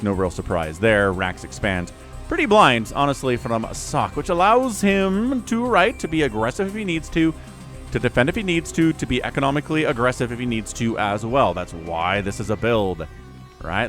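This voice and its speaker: Male esports caster, animated pitch, casual rambling delivery, soft music bed. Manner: chatty, rambling asides, self-correcting. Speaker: game caster. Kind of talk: solo esports commentary.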